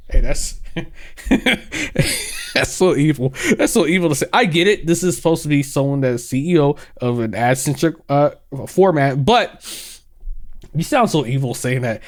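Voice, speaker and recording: A young man ranting sarcastically in casual commentary, exaggerated and quick to laugh. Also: a little high, expressive. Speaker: gaming commentary youtuber.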